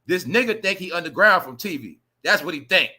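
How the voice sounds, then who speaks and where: A livestream host, a man, ranting loudly and profanely to his chat, animated and talking straight to viewers. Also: on the high side, a little fast. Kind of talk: ranting celebrity gossip commentary.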